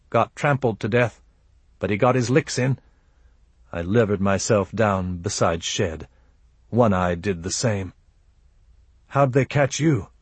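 A man reading a first-person audiobook in a measured, grave manner. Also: lowish voice, husky, dry recording. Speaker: audiobook narrator.

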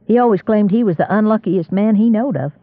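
A man's voice: sits high, fairly quick, dry recording, narrow, tinny audio, pitched above the performer's own voice. A man reading an audiobook and voicing a meek, weary young drifter.

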